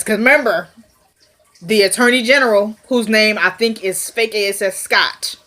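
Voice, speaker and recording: A woman's voice: fairly high pitch, normal speed, fairly bright tone. Sniffly woman, chatty TV recapper who laughs and performs the dialogue. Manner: chatty, laughs often, acts out quotes. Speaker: TV episode recapper. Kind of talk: casual recap vlog.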